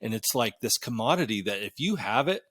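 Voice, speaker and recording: A man hosting a podcast, talking in an animated, emphatic way and swearing casually. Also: mid-range voice, brisk, husky, dry recording, studio quality. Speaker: podcast host.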